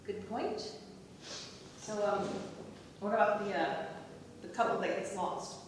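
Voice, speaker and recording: A woman acting a teasing, sharp-tongued wife who speaks in a dry, matter-of-fact way, performed on a theatre stage. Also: mid-range voice, fairly even intonation, measured pace, background noise, close to an everyday voice. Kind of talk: amateur stage comedy acting. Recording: echoey hall, from far off.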